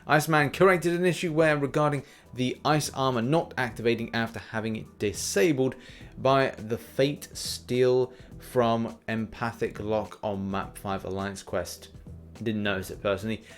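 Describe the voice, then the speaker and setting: A young man hosting a mobile game news show, talking in a chatty, animated way with plenty of fillers and restarts. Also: medium pitch, moderate pace, faint music behind. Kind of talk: casual gaming news commentary.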